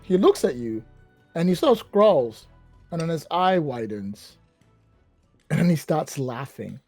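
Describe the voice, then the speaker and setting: A man narrating a tabletop role-playing game as game master, casual and animated. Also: fairly high pitch, measured pace, no echo, soft background music. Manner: animated, casual, rambling with fillers.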